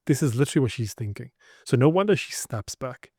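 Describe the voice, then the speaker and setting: This relationship coach talks fast with lively intonation, his medium-pitched voice mellow and slightly rough in a dry, close recording. He lectures his listeners directly and emphatically in an instructional monologue, using acted examples.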